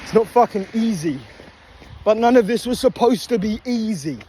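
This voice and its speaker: A man's voice: high voice, lively intonation, moderate pace, heavy background noise. A young man, out of breath, giving a swearing motivational rant while jogging at night with a phone. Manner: swearing, preachy, breathing hard while running. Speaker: fitness vlogger. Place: outdoors by a motorway at night. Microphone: phone held while running.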